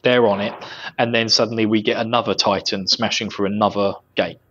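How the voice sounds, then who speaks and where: A man's voice: on the low side, steady tone, fairly quick, a bit bright, muffled recording. A man co-hosting a casual podcast, chatting loosely and laughing often. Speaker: podcast co-host. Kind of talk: casual chat.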